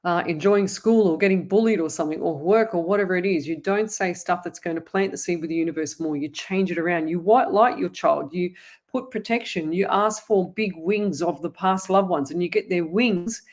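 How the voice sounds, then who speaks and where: A woman's voice: on the low side, a little fast. Earnest, insistent woman. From Australia. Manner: earnest, urgent advice with repeated insistence; addresses viewers as lovey and guys. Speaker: psychic medium host. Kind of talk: live online Q&A.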